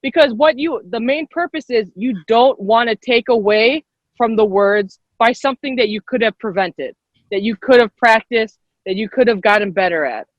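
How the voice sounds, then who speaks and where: Running a live online class for girls, this workshop leader is a young woman whose fairly high voice moves at normal speed. She's cheerful and encouraging, repeats things and laughs a lot. Her computer mic on the video call gives dull, lo-fi sound without echo.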